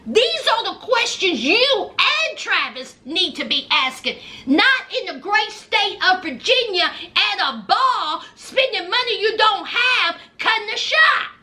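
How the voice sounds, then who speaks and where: A woman with a very high, bright voice recaps reality TV in a sassy commentary. She swings her pitch widely and takes her time, scolding the people on the show directly and mimicking their lines. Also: sing-song, slow pace, few pauses. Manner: blunt, mocking, talks straight at the people she discusses; acts out quoted lines in put-on voices.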